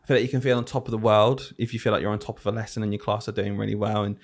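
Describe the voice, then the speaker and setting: Animated teacher telling stories. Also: male voice, on the low side, rapid-fire. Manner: animated storyteller, acts out quotes. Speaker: podcast co-host, teacher. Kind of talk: casual chat.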